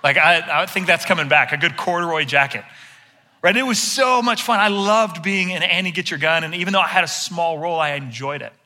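A middle-aged male pastor telling a self-deprecating personal story in an animated sermon. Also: fairly high pitch, a little fast.

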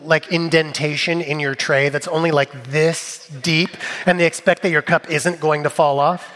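Male preacher, comic storyteller, swings from loud bits to hushed points; high-ish voice, long hall reverb. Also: moderate pace, hardly any pauses. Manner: animated, jokey storyteller, shifting between loud bits and quiet asides. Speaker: pastor.

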